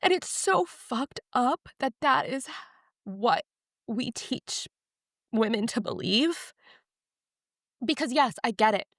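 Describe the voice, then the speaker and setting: A woman's voice: a little high, slow pace, long pauses, dry recording, studio quality. A young woman on a podcast, telling a personal story in a candid, emotional, confiding way. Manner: emotional, confiding, animated retelling. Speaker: podcast guest.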